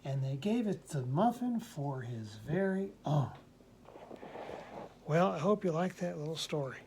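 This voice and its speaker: A woman's voice: deep voice, animated, a little slow, mellow, a little hiss or hum. A woman reading a children's picture book aloud to a child, mimicking the sounds and asking the listener questions.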